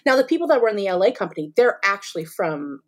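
A woman's voice: medium pitch, very animated, fast talker. A woman, a stage actress, telling stories in a casual interview with easy laughter. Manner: chatty, laughing storyteller.

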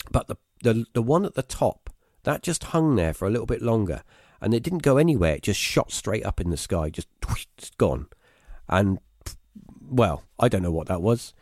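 A man, telling a story as a podcast guest in a rambling, halting way, full of fillers and restarts. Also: fairly low pitch, darkish tone, dry recording, clean studio sound. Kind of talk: casual storytelling.

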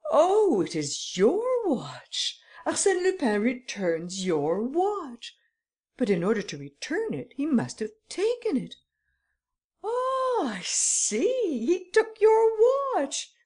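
A woman doing an excitable Frenchman whose voice leaps up into shrieks of glee, swinging wildly between high and low. He sounds lively and animated, carried away by delight. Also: slow, exaggerated voice. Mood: gleeful.

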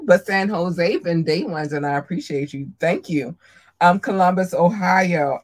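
A woman hosting a podcast, chatting casually and affectionately with listeners and often jumping into a squeaky high voice for greetings. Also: a little slow. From Maryland, USA. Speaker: podcast host. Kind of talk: casual livestream shout-outs.

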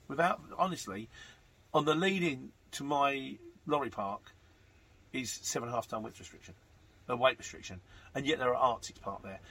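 Man, casual podcast host, husky bright tone, rambling and matter-of-fact. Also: mid-range voice. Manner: chatty, rambling, matter-of-fact with frequent fillers. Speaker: podcast host answering listener messages. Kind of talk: casual chat.

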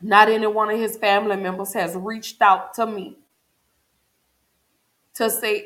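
A woman's voice: medium pitch, little pitch movement, measured pace, pauses often, a bit bright. A grieving woman talks openly and earnestly to her viewers in an emotional personal check-in, repeating phrases for emphasis. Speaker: vlogger.

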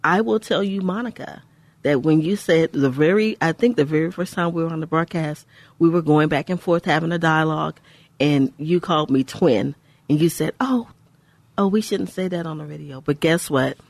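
A woman's voice: low-pitched, moderate pace, a little mellow, no room sound. A woman from Houston hosting a faith-based radio talk show, speaking with joy and emphasis and often repeating phrases. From Houston, Texas. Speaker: radio host. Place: radio studio.

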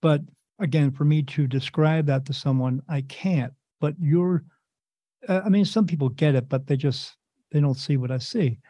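A man's voice: fairly high pitch, normal speed, dark tone, dry recording. A man hosting an interview, talking emphatically with repeated words and stammered restarts. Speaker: podcast host. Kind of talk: casual interview chat.

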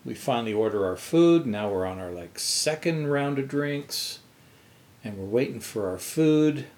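A man co-hosts a casual podcast and tells a long anecdote. His pitch is very lively and jumps high when he acts out other people's lines. He swears freely as he talks. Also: unhurried. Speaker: podcast co-host. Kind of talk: casual storytelling chat.

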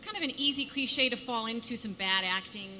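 An actress answers a question on a convention stage, theatrical and affectionate. Her voice is bright, mid-pitched, with a big hall's long reverb. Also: brisk, a little hiss or hum. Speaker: panelist actress. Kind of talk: panel answer. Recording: reverb from a large hall.

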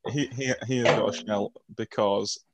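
Gravelly low-voiced man, hesitant. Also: fairly even intonation, normal speed, heavy background noise. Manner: hesitant, full of ums and restarts. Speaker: quiz contestant. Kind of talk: casual podcast banter.

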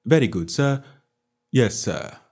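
A man voicing a reserved, disapproving male valet who speaks formally and quietly, ending lines with a clipped "sir". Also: medium pitch, lively intonation, takes it slowly, slightly rough. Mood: stiffly polite.

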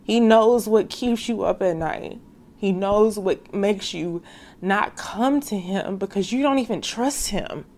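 A woman with a medium-pitched, slightly mellow voice speaks slowly. She hosts a faith podcast, delivering a casual devotional monologue straight to her listeners in a slangy, heartfelt way.

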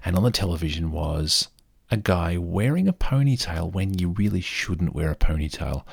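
A man tells casual, rambling stories to his listeners, often mocking himself. His voice sits very low, with a gravelly fry and a husky grain. It is recorded dry and close. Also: normal speed, no room sound. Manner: rambling, self-deprecating, animated. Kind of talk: casual storytelling monologue.

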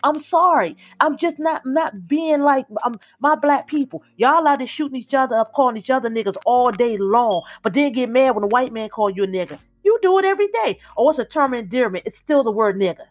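Blunt, high-voiced woman ranting emphatically. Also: expressive, brisk, few pauses, muffled recording. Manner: blunt, emphatic, hammering repetition. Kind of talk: opinionated casual chat.

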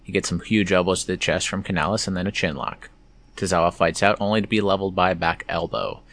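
A man's voice: low-pitched, steady tone, fast, a bit bright. A man hosting a casual play-by-play recap of a wrestling show, slipping in wry, sarcastic asides.

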